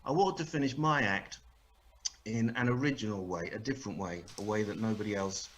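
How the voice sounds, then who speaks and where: A man delivers a deadpan stand-up set, dry and sarcastic, teasing his audience. He speaks over a video call with a faint hiss behind him. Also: on the low side, a little fast. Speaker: stand-up comedian.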